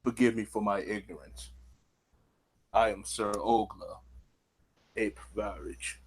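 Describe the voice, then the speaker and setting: A man voicing a huge horned male troll knight, speaking lower and softer than his own voice in formal, respectful phrases. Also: steady tone, takes it slowly, slightly rough.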